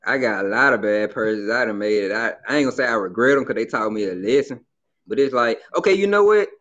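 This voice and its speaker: A man's voice: mid-range voice, expressive, fast, fairly bright tone. A man in a casual chat, laid-back and slangy. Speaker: guest. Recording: dull lo-fi sound.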